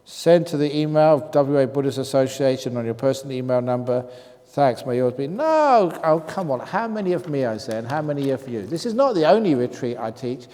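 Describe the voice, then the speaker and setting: In a retreat meditation hall, a Buddhist monk teacher gives a humorous talk, reading written questions aloud and chuckling often as he answers. His mid-range voice is warm, expressive, and a little fast, and the hall is reverberant with faint noise.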